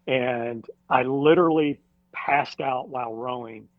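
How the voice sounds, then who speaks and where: A firefighter, a guest on a podcast, telling a personal story in a casual interview, halting with many fillers and restarts. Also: male voice, mid-range voice, no echo. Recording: dull dry recording.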